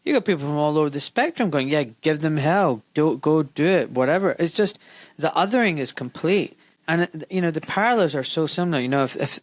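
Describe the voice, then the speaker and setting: A man's voice: fairly high pitch, no room sound. A man hosting a podcast interview, talking with passion and building rhetorical arguments. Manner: impassioned, rhetorical, mimics voices of others. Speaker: podcast host.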